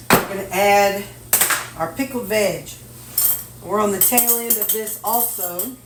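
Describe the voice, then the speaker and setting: A woman's voice: mid-range voice, noisy background. A middle-aged woman from Missouri, chatting folksily to herself and her viewers as she measures and cooks in her home kitchen. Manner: folksy, talks to herself while measuring and cooking. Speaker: cooking vlogger. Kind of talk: casual cooking chat. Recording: roomy kitchen, mic at a distance. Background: clinking dishes and cutlery.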